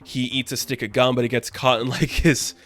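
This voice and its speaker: A man's voice: mid-range voice, flat delivery, a little fast, fairly bright tone. A young man casually reviewing a TV episode, enthusiastic and rambling, with lots of filler words. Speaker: YouTube reviewer.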